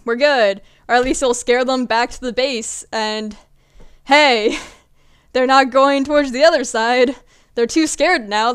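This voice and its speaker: A young woman vlogger in her early twenties tells casual stories in a chatty way, occasionally swearing and acting out what people said. Her voice is fairly high, clear and resonant.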